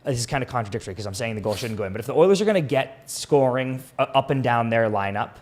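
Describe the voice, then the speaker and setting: A man co-hosting a live hockey podcast, talking in a loose, excitable way and swearing freely. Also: medium pitch, rapid-fire. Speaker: podcast co-host. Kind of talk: casual hockey chat.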